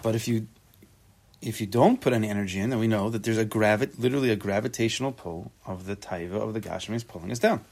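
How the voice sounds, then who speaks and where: A man teaching a relaxed Torah class, translating the text phrase by phrase, with joking asides and repeated words as he thinks aloud. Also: on the low side, fast, gravelly. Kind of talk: casual spoken Torah class.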